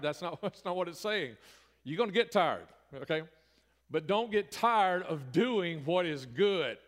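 Preacher guy, middle-aged, chatty sermon that gets loud and punchy, long echo from the church hall. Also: on the high side, expressive, normal speed. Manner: folksy, conversational preaching with rising emphatic bursts. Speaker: pastor. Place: church sanctuary.

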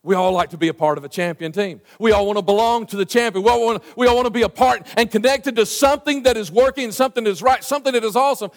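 High-voiced preacher, echoing hall. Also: male voice, fast talker, hardly any pauses. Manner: animated, conversational preaching with many restarts and fillers. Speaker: pastor. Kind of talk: sermon. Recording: long reverb of a church hall.

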